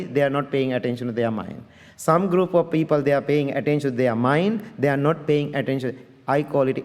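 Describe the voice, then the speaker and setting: A man's voice: mid-range voice, darkish tone, big-room sound. A middle-aged man, a Buddhist monk, giving a dharma talk in earnest, direct English with non-native phrasing, checking that listeners follow. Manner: conversational teaching, asks listeners to check understanding. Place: large congregation hall.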